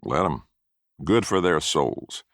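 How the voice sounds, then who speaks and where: A man with a very deep voice voicing a lazy, stingy old grandfather who whines and pities himself, in a dry read story. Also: expressive, slow, fairly bright tone, no echo, full character voice. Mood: sly. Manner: whining, self-pitying.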